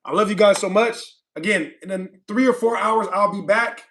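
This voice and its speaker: High bright-voiced male streamer. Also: normal speed. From California. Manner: rambling, repeats himself, laughs often. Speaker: livestream host. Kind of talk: casual livestream chat reading comments.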